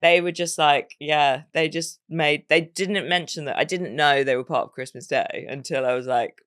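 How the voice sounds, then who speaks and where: A woman's voice: low-pitched, normal speed, fairly bright tone. A woman co-hosting a podcast, chatting in an easygoing, giggly way with casual slang. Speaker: podcast co-host. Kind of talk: casual chat.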